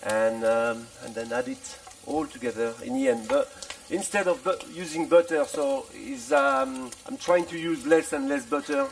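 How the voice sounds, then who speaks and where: A middle-aged chef from France explains his dish at a festival demo, his speech full of restarts and repeated words and broken up by dry little jokes. His voice is heavily gravelly, with a pitch that rises and falls a lot. He stands back from the mic, so he sounds somewhat distant. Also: very animated, normal speed, few pauses. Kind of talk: live cooking demonstration. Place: festival demonstration tent.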